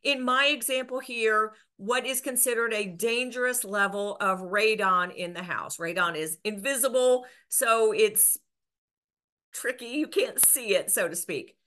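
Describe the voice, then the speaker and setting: A woman's voice: on the high side, measured pace, pushed and bright. A woman real estate broker, explaining rules to agents in an earnest way, with restarts and filler words. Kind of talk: educational explainer to camera.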